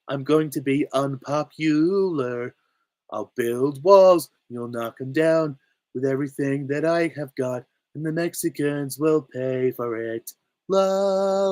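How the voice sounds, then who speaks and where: Brief: blustery older politician crooning, drawling and loud, as a man puts him on. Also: fairly high pitch, slow pace, no room sound, pitched above the performer's own voice. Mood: boastful singing.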